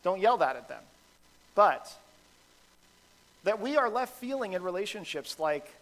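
A man's voice: high voice, big pitch swings, a little slow, long pauses, a bit bright, low-quality recording. A man, a pastor with a son, preaching a sermon in a conversational, self-deprecating style full of fillers and restarts.

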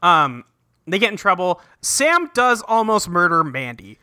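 A man hosting a casual podcast, recapping a cartoon episode, swearing freely and acting out the characters in quick voices. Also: high voice, very animated, pushed and bright, clear, resonant tone, no room sound, clean studio sound. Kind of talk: casual chat.

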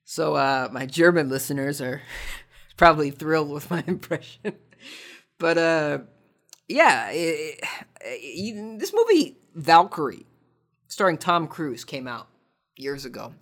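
A man's voice: on the high side, sing-song, a little slow, long pauses, a bit bright. A man hosting a podcast, answering listener questions in a rambling, tongue-in-cheek monologue full of false starts and repeated words. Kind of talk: casual comedic monologue.

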